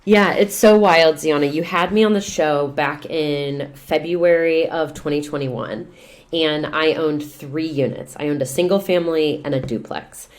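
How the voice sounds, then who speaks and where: A woman, a real estate investor and coach, talking as a podcast guest in lively, expressive storytelling. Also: sits low, unhurried. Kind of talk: casual podcast conversation.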